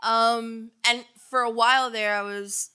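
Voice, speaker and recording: A middle-aged woman with a strong South Florida Miami accent talks fast and lively as a podcast guest. Her voice sits a little high and rings very bright, with a quick, animated and unfiltered manner. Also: clear, resonant tone. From Hialeah, Miami, Florida. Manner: animated, quick, swears freely. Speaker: radio personality, guest. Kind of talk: casual interview chat.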